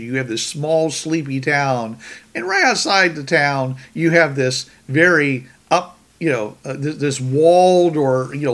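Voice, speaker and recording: A man's voice: on the high side, sharp tone. A man hosting a podcast in casual chat, rambling with many restarts. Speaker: podcast host.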